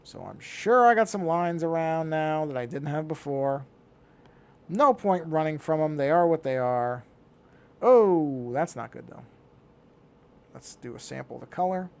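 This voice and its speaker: Gravelly man muttering while drawing. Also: a little high, expressive, unhurried. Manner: talks to himself while working, muttering. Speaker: digital artist. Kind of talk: casual drawing commentary.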